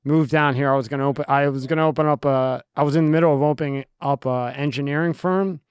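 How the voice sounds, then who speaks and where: Smooth-voiced Philly man, blunt host. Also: on the high side, steady tone, fast, no room sound, clean studio sound. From South Philadelphia. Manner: blunt, profane, playful. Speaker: podcast host. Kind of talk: casual interview chat.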